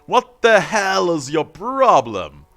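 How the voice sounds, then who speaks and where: A man voicing a gruff, indignant old ex-soldier who blusters and lectures in an old-fashioned way. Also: lowish voice, brisk, a bit bright, faint music behind, close to an everyday voice. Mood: outraged.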